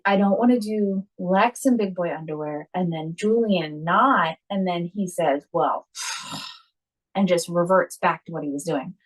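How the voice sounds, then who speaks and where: A woman co-hosting a podcast, chatting casually and telling a lively story about her kids, acting out what everyone said. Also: on the low side, rough recording. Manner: animated storytelling, acts out quotes. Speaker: podcast co-host. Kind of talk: casual chat.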